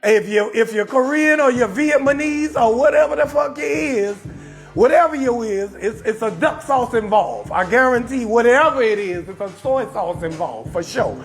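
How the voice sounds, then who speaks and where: A man from New Orleans with a New Orleans accent, a comedian hosting a live stream and roasting someone in a loud, profane rant with shouted bursts. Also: extremely high pitch, lively intonation, normal speed, faint music behind. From New Orleans, USA.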